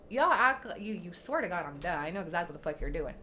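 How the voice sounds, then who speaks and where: Blunt, sharp-voiced woman ranting on livestream. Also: on the low side, animated, fast, a little hiss or hum. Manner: blunt, profane, ranting at critics. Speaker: livestream host. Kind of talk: casual venting livestream chat.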